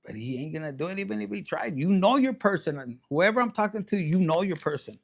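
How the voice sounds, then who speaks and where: A man's voice: high-pitched, animated, fast, creaky, noisy background. A man giving a casual, rambling and bawdy tarot reading, joking and slipping into Spanish. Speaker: tarot reader.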